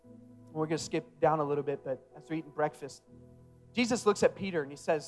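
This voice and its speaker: A male pastor preaching a sermon in a casual, emphatic way that builds to loud passion. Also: fairly high pitch, brisk, soft background music.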